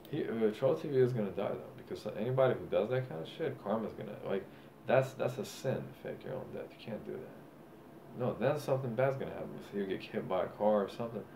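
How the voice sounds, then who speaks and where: A young man talks fast in a fairly low, expressive voice with vocal fry and a warm tone. Styling himself a boxing champion vlogger, he boasts and rambles through a casual, drunken, profane monologue, with faint background noise behind him.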